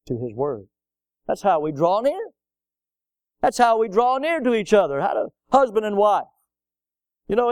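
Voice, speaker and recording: A middle-aged man preaching a sermon, his voice a little high and smoothly resonant. He drives his points home with rising emphasis and breaks into homey stories for the congregation. The sound is close and dry, with little room around it. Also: dry recording. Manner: emphatic preaching, rising to loud peaks, asking the congregation "Amen?"; folksy storytelling asides. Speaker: pastor.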